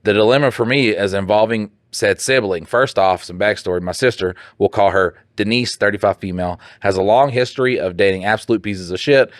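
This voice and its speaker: A man with a drawl co-hosts a podcast, reading listener stories and joking crudely between lines. His voice sits low, and the close mic picks up no room at all. He talks in bursts and jumps way up in pitch when he mocks someone. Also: fairly quick, few pauses, no echo. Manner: animated, joking, breaks into laughter, jumps up in pitch for mock voices. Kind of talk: casual profane banter.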